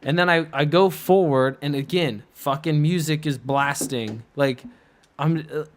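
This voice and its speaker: A young man telling a rambling story on a podcast, animated, laughing and imitating people as he goes. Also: on the high side, a little slow. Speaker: podcast co-host. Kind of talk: casual storytelling.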